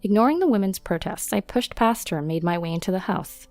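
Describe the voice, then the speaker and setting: A woman narrating a first-person story in a steady, matter-of-fact way. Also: medium pitch, fast talker, dry recording, faint music behind.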